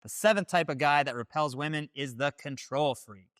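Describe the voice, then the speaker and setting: A man hosting a scripted dating-advice video, laying out his points in a direct, declarative way. His voice is fairly high and bright, with a dry close sound. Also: moderate pace, no echo. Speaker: host.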